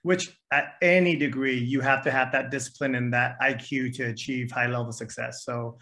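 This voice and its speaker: Bright-voiced, encouraging male podcast host. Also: medium pitch, steady tone, moderate pace. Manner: affirming, encouraging interviewer. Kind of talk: casual interview conversation.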